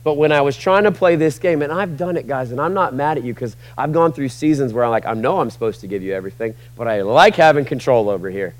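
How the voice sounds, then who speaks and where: A male pastor preaching a sermon, swinging between loud emphatic peaks and quiet conversational asides. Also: mid-range voice, fast, few pauses.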